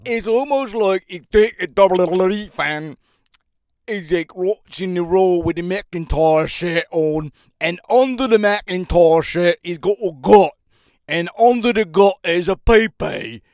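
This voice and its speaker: A man's voice: high voice, a little slow, darkish tone, no echo, studio quality, voice pushed up. A man putting on a mocking impression of a rambling Australian man, with a put-on Australian accent and crude, repetitive talk.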